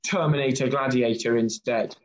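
A man's voice: medium pitch, fairly even intonation, natural voice. A man doing Horrid Henry, a bossy cheeky boy. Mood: demanding. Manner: slow, emphatic read-aloud. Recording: lo-fi video call audio.

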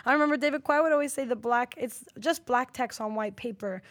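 A woman co-hosting a podcast, speaking in an animated, opinionated way and giving advice. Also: fairly high pitch, fairly quick, dry recording. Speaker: podcast co-host. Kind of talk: casual chat.

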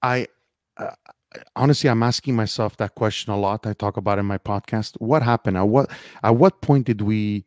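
A man's voice: on the low side, a little fast, darkish tone, no room sound, clean studio sound. A man who is a guest podcaster, talking in a casual chat and musing thoughtfully.

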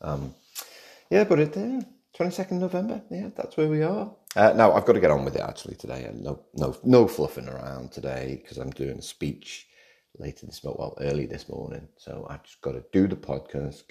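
Very deep gravelly male podcaster. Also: mellow. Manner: chatty and rambling, with joking asides. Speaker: podcast host. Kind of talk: casual solo podcast monologue. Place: home in Australia.

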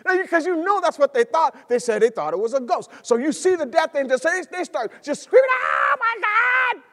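A man preaching a sermon as pastor, swinging between soft storytelling and loud, excited delivery. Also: very high voice, fast, long reverb tail. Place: church sanctuary.

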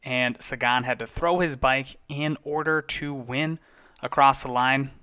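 A man's voice: medium pitch, fairly even intonation, measured pace, pushed and bright, clear, resonant tone. A man casually recapping bike races as a podcast host, chatty and enthusiastic, sometimes correcting himself. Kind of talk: casual race recap commentary.

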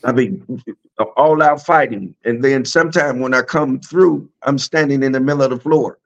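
Gravelly man on a dull recording. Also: medium pitch, moderate pace. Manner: reflective, spiritual talk with frequent "you know". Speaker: podcast guest. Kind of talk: casual chat. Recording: dull lo-fi sound.

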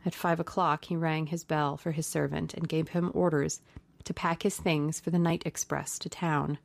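A woman reads an audiobook aloud in a steady, measured way. Her voice sits low and carries a gravelly fry. The recording is dry and close, with no room echo. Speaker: audiobook narrator. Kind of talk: scripted audiobook narration.

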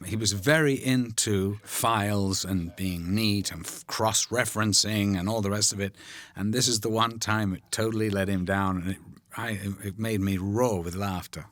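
An older male actor recording a film commentary, telling anecdotes in an animated way and voicing the people he quotes. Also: fairly low pitch, normal speed. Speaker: actor discussing his film. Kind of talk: commentary track chat.

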